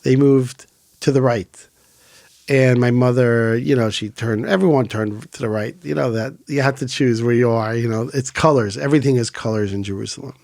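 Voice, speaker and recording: A man's voice: medium pitch, moderate pace, creaky, no room sound, studio quality. A middle-aged man from Israel, an organization founder, telling stories in a casual interview and acting out the voices he quotes. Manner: animated storyteller, acts out quoted voices. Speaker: founder of an emergency volunteer organization.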